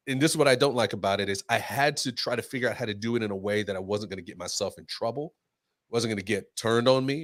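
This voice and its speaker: A man's voice: medium pitch, fairly bright tone, no echo, studio quality. A man co-hosting a casual panel talk, telling a story and acting out both sides of the dialogue. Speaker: co-host.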